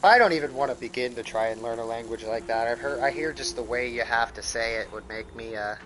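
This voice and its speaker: Brief: American streamer, profane rambling chat, sharp forward tone, desk mic. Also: male voice, medium pitch, a little fast, slight background noise, poor audio. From United States. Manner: rambling and profane, with frequent restarts. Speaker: live streamer. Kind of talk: casual gaming stream chat.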